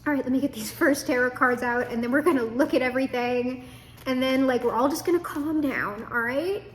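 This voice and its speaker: A woman's voice: high voice, brisk, slight background noise. A young woman giving a chatty, casual tarot reading to her viewers, swearing and laughing as she goes. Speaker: tarot reader.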